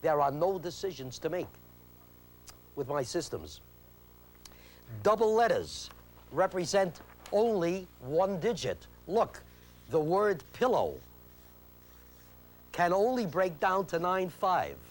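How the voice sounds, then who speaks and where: An emphatic man leads a memory-training lesson on an old instructional video. His voice sits a bit high and swings up and down with lively intonation. He hammers on rules, repeats them, and challenges the viewer to work out answers. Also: slow, pauses often. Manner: emphatic, repeats key points, quizzes the viewer. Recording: 1980s VHS instructional tape.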